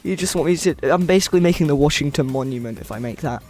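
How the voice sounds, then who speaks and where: A man's voice: on the high side, quick pace, darkish tone, faint music behind. A young American man streaming a game-building session, chatting with viewers in a rambling, playful way. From United States. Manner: rambling and playful, reads chat aloud. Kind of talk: casual chat with live viewers.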